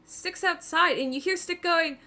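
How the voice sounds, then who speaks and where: Woman, game master, tabletop narration, online call, high voice, descriptive with fillers. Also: moderate pace, bright, forceful tone.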